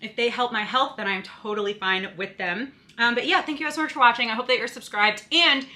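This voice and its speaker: Bright-voiced chatty young woman vlogger. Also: fairly high pitch, fairly quick. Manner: chatty, lots of "like" and "you know". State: out of breath. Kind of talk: casual vlog chat.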